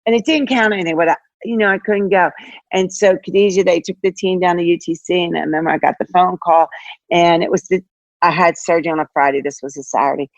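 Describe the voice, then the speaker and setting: An older woman, a head basketball coach, chatting as an interview guest, telling stories in an animated way with lots of fillers and acted-out quotes. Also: fairly low pitch, quick pace, no room sound, lo-fi sound. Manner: animated, acts out quoted dialogue, many fillers. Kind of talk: casual interview storytelling.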